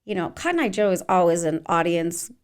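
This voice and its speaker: A woman's voice: lowish voice, sing-song, a little fast, clear, resonant tone. Chatty woman dance teacher in her forties. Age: 40s. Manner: chatty, rambling, many fillers. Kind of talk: casual interview chat.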